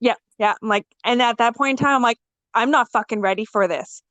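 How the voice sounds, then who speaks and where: On a casual podcast, a young female guest tells her story frankly and with humor in a brisk, high-leaning voice, with no room sound. She's lively and joking, swears freely, and acts out what people said.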